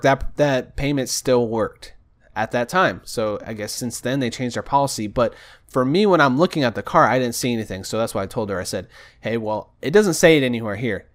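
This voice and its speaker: A young man vents in a casual storytelling rant, exasperated and restless, at a middling pitch. He acts out both sides of the phone calls he describes, jumping between voices. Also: fairly bright tone. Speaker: vlogger. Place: home desk.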